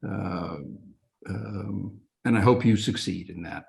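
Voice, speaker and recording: Low-voiced man giving praise. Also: slow, gravelly. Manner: warm, praising. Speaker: audience member. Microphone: video call.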